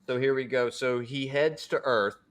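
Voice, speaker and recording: A man's voice: medium pitch, smooth. A man hosting a casual podcast, chatting in a laid-back, slangy way and sometimes reading passages aloud. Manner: laid-back, slangy, bursts into animated impressions. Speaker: podcast host.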